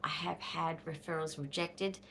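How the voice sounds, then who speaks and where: A woman's voice: low-pitched, fairly even intonation, a little slow, gravelly, fairly bright tone, a little hiss or hum. An Australian woman in her fifties, talking bluntly and angrily to camera in a casual vlog, swearing freely. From Western Australia. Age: 50s. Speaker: vlogger.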